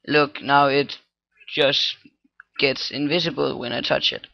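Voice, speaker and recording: A man thinking aloud through a casual coding tutorial, halting with many fillers and restarts, on a low-quality microphone. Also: level tone, gravelly, dry recording, dull audio. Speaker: scripting tutorial maker. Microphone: cheap computer microphone.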